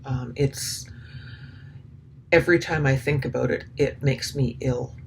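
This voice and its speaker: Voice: mid-range voice, steady tone, measured pace, vocal fry, slight background noise, poor audio. A commentator talking through a recording, hesitant and full of restarts, with indignant, sarcastic asides. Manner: hesitant, many ums and restarts. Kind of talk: spoken commentary.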